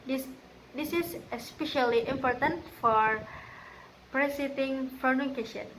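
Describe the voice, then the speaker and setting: A woman's voice: sits high, a little slow, fairly bright tone, rough recording. A woman with an Indonesian accent, a native Indonesian speaker, steadily reading a class presentation from a script. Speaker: student presenter. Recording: clear background noise.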